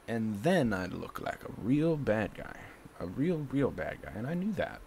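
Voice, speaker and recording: Gravelly-voiced man, agitated and repetitive. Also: lowish voice, very animated, a little slow, a little mellow, a little hiss or hum. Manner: agitated, repeats himself. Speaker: vlogger. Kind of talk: casual monologue to camera.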